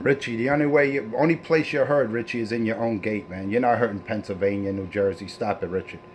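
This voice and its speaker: A man's voice: fairly low pitch, fairly even intonation, fast talker, noisy background. Boastful man talking on CB radio. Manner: boastful, folksy, trash-talking. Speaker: CB radio operator and channel host. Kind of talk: casual CB radio banter.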